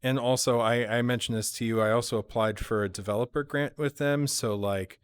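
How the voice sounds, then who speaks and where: A man's voice: medium pitch, fairly even intonation, fairly quick, smooth. A man hosting a casual chat, talking hesitantly with many fillers and restarts. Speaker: show host.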